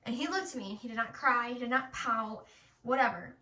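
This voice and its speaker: Young Michigan mom vlogger, bright and bold, chatty and animated storyteller, recorded at some distance in an echoey room. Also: female voice, a little high, a little fast, a little hiss or hum. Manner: chatty, animated, swears casually. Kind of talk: casual storytelling while getting ready.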